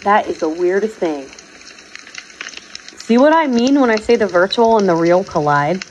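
A woman's voice: medium pitch, expressive, moderate pace, darkish tone, slight background noise, rough recording. A woman vlogger, chatting casually to her viewers in a teasing, laughing way.

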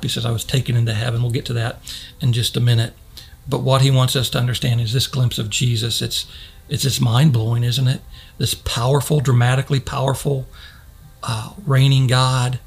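A male pastor preaching a sermon earnestly, slowing for dramatic pauses and rising for emphasis. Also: medium pitch, gravelly, breathy edge.

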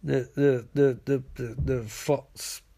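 A smug, wheedling male supervillain who mutters low and soft, stumbling over his words, as a man puts him on. It is a comic recap voice, lazy and halting. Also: fairly even intonation, gravelly. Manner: mumbled, halting, lower and quieter.

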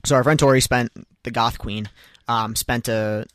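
A man's voice: mid-range voice, fairly even intonation, normal speed, fairly bright tone, no room sound. A young man co-hosting a radio show, bantering casually and teasing with frequent laughter. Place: radio studio.

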